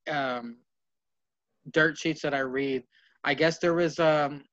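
A man's voice: a little high, steady tone, takes it slowly, a bit bright. A man co-hosting a casual wrestling podcast, rambling and profane, acting out what the wrestlers would say. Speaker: podcast co-host. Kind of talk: casual chat, wrestling fantasy booking. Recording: dull lo-fi podcast audio.

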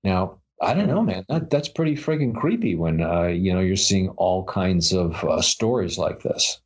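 A man's voice: sits low, animated, normal speed, husky. A man co-hosting a casual chat about paranormal stories, rambling with many fillers and restarts. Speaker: podcast co-host.

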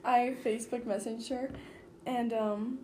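A woman's voice: fairly high pitch, fairly even intonation, a little slow, warm tone, a little hiss or hum. A teenage girl in casual chat as a student co-host, easygoing, laughing often, full of hesitant fillers.

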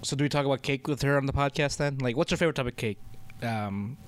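A man's voice: mid-range voice, fast, a little hiss or hum. A man co-hosting a podcast in casual chat, laid-back and laughing, rambling with restarts. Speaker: podcast co-host.

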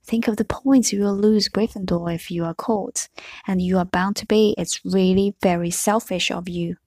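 A woman's voice: mid-range voice, fairly even intonation, moderate pace, a little mellow, no echo, close to an everyday voice. A woman voicing a bossy know-it-all schoolgirl witch in a prim, scolding way.

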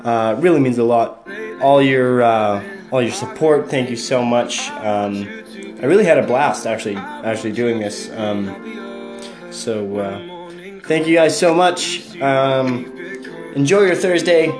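Over music, a podcast host with a mid-range voice and lively intonation closes out his episode, taking it slowly. He signs off casually and hesitantly, using a lot of fillers.

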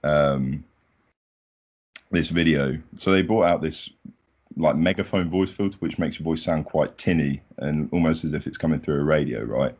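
Young man, booming deep voice, relaxed modest guest, dull lo-fi audio. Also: moderate pace, breathy edge. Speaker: podcast guest. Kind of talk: casual chat.

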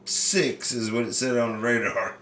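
A man hosting a casual chat, telling baseball stories with lots of swearing and animated energy. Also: medium pitch, a little fast, roomy sound, slight background noise. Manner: profane, animated storyteller. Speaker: podcast host.

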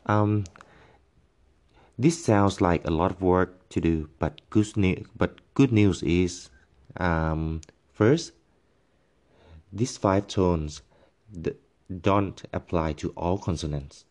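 Brief: man, very low voice, very slow and halting delivery, patient teacher who sings out syllables to show tones. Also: a little mellow. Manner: patient, halting, with many fillers and pauses; demonstrates tones by voicing syllables and musical notes. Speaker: language teacher. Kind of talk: tone pronunciation lesson.

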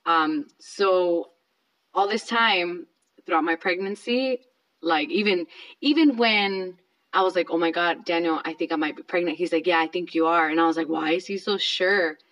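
A woman's voice: fairly low pitch, moderate pace, a bit bright, rough recording. A woman in her thirties telling a personal story in a casual, chatty way, with lots of fillers. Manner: chatty, filler-heavy, self-conscious.

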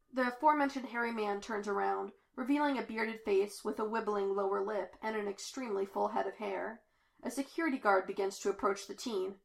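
A woman narrating a fan-fiction audiobook in a lively, expressive way. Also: mid-range voice, fairly quick, vocal fry. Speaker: podfic reader.

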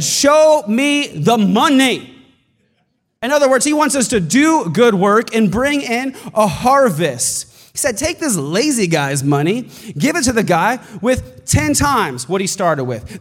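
In what sounds like a big church hall with long reverb, a pastor with a high male voice gives a forceful sermon. His delivery grows in intensity until it breaks into shouts.

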